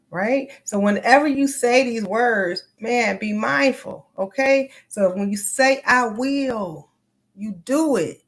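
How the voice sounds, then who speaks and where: A woman therapist and coach, giving an emphatic, motivational conference talk over a video call. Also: mid-range voice. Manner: emphatic, motivational, addresses audience as y'all.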